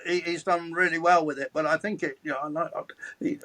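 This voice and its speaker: Bright-voiced older man telling stories. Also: fairly high pitch, fairly even intonation, quick pace, poor audio. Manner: chatty, chuckles through his stories, many restarts. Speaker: guest, motorsport commentator. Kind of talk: anecdotal storytelling in conversation.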